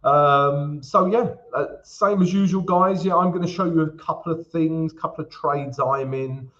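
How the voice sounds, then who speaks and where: A man's voice: on the high side, normal speed, a bit bright. Chatty man on a lo-fi stream. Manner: chatty, greets viewers by name, says "guys" and "mate" a lot. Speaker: forex trading streamer. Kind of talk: casual live-stream Q&A chat.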